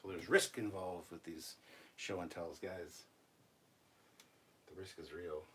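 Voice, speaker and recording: Male host with a low voice, loose and rambling, pokes fun at himself, livestream show-and-tell from a room at home, faint background noise. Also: slow. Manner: relaxed, rambling, self-deprecating. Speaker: channel host. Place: upstairs room at home filled with collectibles.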